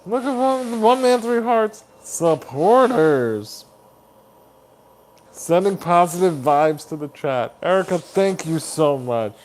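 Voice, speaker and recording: A man hosting a live stream chat. He reads viewer comments aloud, greets people warmly by name as buddy and honey, and laughs often. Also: fairly high pitch. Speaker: livestream host.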